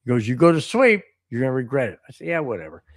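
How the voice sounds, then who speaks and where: An American man co-hosting a casual sports podcast, telling a rambling story and reading out viewer chats in an excitable way. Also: mid-range voice, fast talker, no room sound, studio quality. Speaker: podcast co-host.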